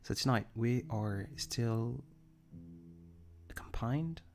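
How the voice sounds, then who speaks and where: A man's voice: mid-range voice, drawn-out words, creaky, a little mellow, faint music behind. A young French man hosting a casual livestream, speaking English with an American-leaning accent, rambling and self-deprecating as he reads viewer comments. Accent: French-tinged American English. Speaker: livestream host.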